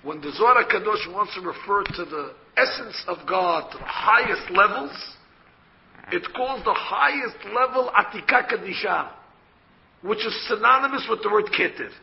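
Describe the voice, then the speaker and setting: A man's voice: sits high, animated, normal speed, creaky, muffled recording, a little hiss or hum. A man, a rabbi, giving a Torah lecture and explaining by asking questions and answering them himself. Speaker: rabbi teaching a Torah class.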